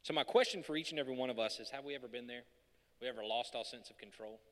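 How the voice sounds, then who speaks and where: A man's voice: medium pitch, racing. A male pastor preaching a sermon from a podium in a church hall, talking conversationally with jokes and building to emphatic peaks. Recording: long reverb of a large hall.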